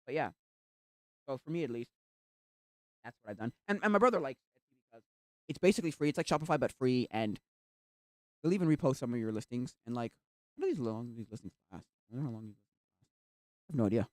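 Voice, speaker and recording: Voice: mid-range voice, animated, quick pace, long pauses, no room sound. Streamer rambling at the pc, says like a ton, bouncy voice, dry close sound. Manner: rambling, heavy use of "like". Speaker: live streamer. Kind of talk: casual stream chat. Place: at a computer while streaming.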